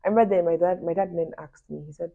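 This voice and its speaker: A woman's voice: lowish voice, racing, vocal fry. A young woman, chatting animatedly to her viewers and telling a personal story with laughing asides. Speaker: vlogger. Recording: dull lo-fi recording.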